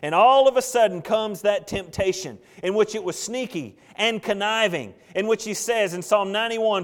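A man pastor preaching with emphasis and rhetorical questions. His voice sits a little high for a man, and he leans hard on key words. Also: normal speed, few pauses. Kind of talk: sermon.

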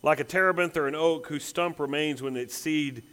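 Emphatic preaching man, slightly high voice. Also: moderate pace, fairly bright tone, smooth. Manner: emphatic, builds to intense repeated phrases. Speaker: pastor. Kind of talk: expository sermon.

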